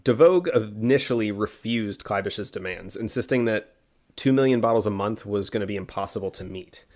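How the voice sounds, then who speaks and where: A man co-hosting a podcast, telling a history story in a relaxed way with asides and fillers. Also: fairly low pitch, a little fast. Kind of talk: casual history podcast narration.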